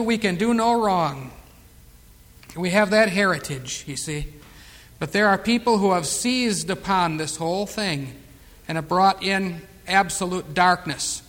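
High-voiced preacher in a reverberant hall. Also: male voice. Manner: reads scripture slowly and loudly, chats and chuckles between verses. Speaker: pastor leading a Bible study. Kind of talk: conversational sermon and scripture reading.

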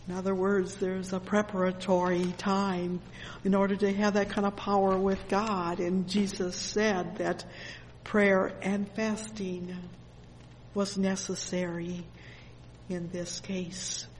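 A slow, deliberate preacher at an evening church service, reading scripture and breaking in with fervent cries of praise. The voice rings with a long hall reverb, and faint room ambience sits underneath. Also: medium pitch, little pitch movement, a little hiss or hum. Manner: fervent, with constant "oh yes, praise the Lord" interjections; reads scripture verses aloud. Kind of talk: sermon.

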